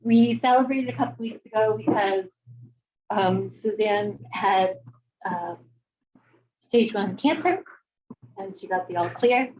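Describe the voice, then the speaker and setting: A woman organizing a poetry event, announcing in a casual, halting way with fillers. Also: mid-range voice, a little mellow, lo-fi sound, slight background noise.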